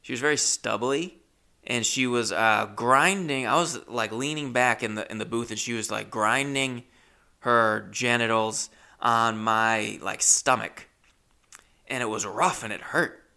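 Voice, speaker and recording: A man's voice: mid-range voice, measured pace, vocal fry, pushed and bright. A man telling a rambling, awkward, self-deprecating comic story with many restarts. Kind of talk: stand-up storytelling.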